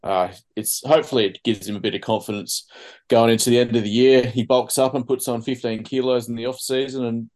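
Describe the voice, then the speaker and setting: An Australian man co-hosting a casual sports podcast, talking hesitantly with many pauses and ums. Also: mid-range voice, steady tone, darkish tone. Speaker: podcast co-host. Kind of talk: casual chat.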